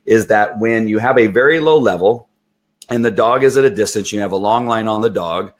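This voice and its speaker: A middle-aged man with a lowish voice explains how to train dogs. He talks in a lively, hands-on way and often slips into the dog's point of view to make his point. It sounds like an instructional talk. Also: brisk. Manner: animated, acts out the dog's thoughts. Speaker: dog trainer.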